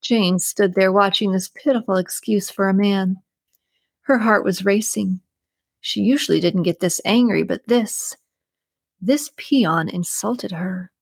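A woman's voice: mid-range voice, a little slow, creaky, breathy edge, no echo. Woman narrating a story, close and dry. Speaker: audiobook narrator. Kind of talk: scripted narration.

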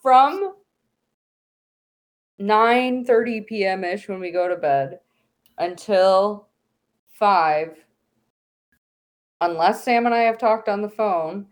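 A woman's voice: medium pitch, slow, pauses often. A woman co-hosting a casual chat podcast, giggling and laughing through her sentences. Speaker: podcast co-host.

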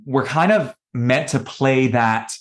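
Man, podcast guest, reflective storyteller, mid-pitched voice, acts out quotes. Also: slow pace.

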